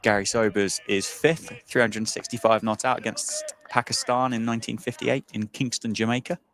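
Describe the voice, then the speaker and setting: A man commentating live on cricket, brisk and teasing as he reels off statistics. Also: medium pitch, steady tone, a bit bright. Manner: brisk, teasing, reads out stats.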